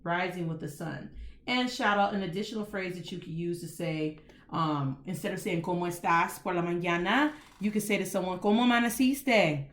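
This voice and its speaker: Speaking at a moderate pace in a lowish voice, the host of a casual Spanish lesson teaches in a colloquial monologue peppered with "y'all." She shifts between Spanish and English and spells out words one letter at a time.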